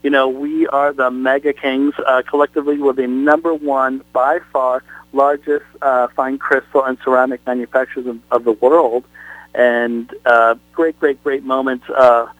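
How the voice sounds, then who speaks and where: A man's voice: mid-range voice, little pitch movement, moderate pace, fairly bright tone, no echo, rough recording. Effusive salesy man, dry close sound. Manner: effusive, salesy, many fillers. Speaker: brand spokesperson guest. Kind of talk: call-in talk show interview.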